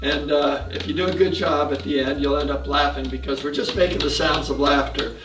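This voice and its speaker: A man leading a guided exercise class, calm and encouraging as he counts out the moves. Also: a little high, brisk, over music. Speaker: fitness instructor. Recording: echoey room, mic far off.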